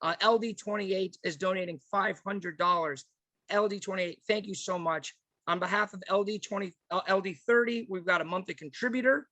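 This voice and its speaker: A man making an energetic fundraising appeal at a virtual party convention, thanking donors district by district over a video call. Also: high voice, normal speed, dry recording. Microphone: computer mic on a video call.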